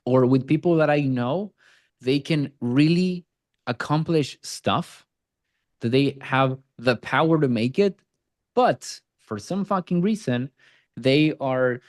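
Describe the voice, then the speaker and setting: Male sales coach, mellow tone, blunt and profane, teases students. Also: mid-range voice, lively intonation, unhurried. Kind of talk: group coaching call.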